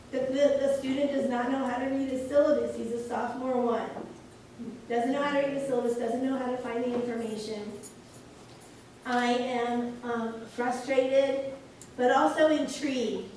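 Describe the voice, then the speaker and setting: A woman nursing instructor leading a staff training session, telling a story from her work and acting out both sides of the dialogue. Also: high voice. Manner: animated storytelling, acts out dialogue. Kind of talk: in-service staff training talk. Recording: echoey room, mic far off, loud noise.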